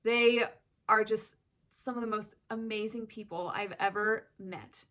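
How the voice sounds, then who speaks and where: A woman's voice: medium pitch, steady tone, measured pace, fairly bright tone. A woman in her thirties speaking in a candid personal vlog, earnest and emotional, close to tears at times. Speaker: mother of twin daughters sharing her story.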